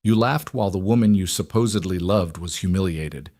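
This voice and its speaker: A man reading the lines of a cold, composed young royal woman in a flat, measured tone. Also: low voice, dry recording, clean studio sound.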